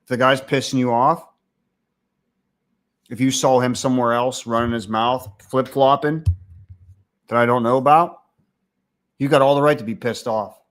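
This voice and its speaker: A man's voice: mid-range voice, steady tone, moderate pace, pauses often. A man hosting a livestream, ranting casually with crude, profane mockery. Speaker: livestream host.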